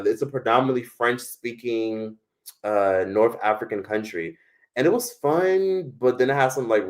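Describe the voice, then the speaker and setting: A young American man hosting a live stream, talking casually in a rambling, profane way with lots of fillers. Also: lowish voice. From United States.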